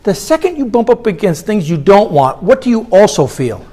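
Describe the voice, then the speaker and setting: Lively man leading a seminar. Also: high-pitched, normal speed. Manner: animated, engages audience with questions. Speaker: motivational speaker. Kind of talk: live seminar talk with guided meditation. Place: conference hall.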